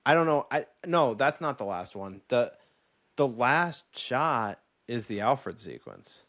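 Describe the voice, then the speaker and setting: A man co-hosting a podcast in casual chat, telling stories with lively quoted voices and frequent laughs. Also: medium pitch, takes it slowly, no room sound. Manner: animated storytelling with quoted voices, laughs often. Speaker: podcast co-host.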